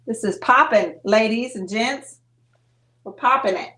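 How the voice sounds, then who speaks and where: A woman's voice: a little high, unhurried, pushed and bright. A woman hosting a live painting show, chatting playfully and explaining her steps as she works. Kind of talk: casual live painting chat. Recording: echoey room.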